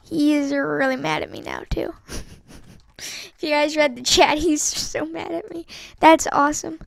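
A woman giving excitable live gameplay commentary, trash-talking opponents and giggling as she plays. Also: high voice, measured pace, creaky, no room sound, clean studio sound. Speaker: gaming channel host.

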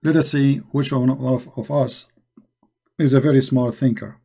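A man's voice: medium pitch, steady tone, normal speed, vocal fry, warm tone. A man hosting a live religious debate stream, mocking and emphatic, repeating rhetorical questions into a computer mic. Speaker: debate show host.

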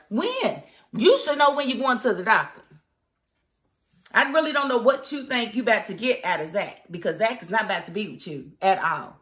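A woman giving a casual, opinionated spoken review of a TV episode, chatty and quick to laugh. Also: mid-range voice, a bit bright. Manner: chatty and opinionated, laughs often, mimics characters. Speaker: TV show reviewer.

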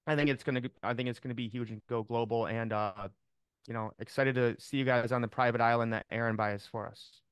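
An upbeat man talking on a video call, rambling along with plenty of fillers. His voice is smooth and clear. The sound is dry and close. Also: mid-range voice, fairly bright tone, no echo. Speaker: team member on a call. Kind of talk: casual chat on a video call.

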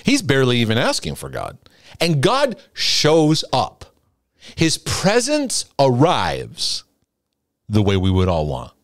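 A middle-aged man preaching to his listeners, his voice swooping up and down. He jumps into high, pleading voices when he mimics people's prayers. The sound is dry and close. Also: huge pitch swings, takes it slowly, no echo. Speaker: Christian teacher and coach. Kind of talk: sermon-style teaching broadcast.

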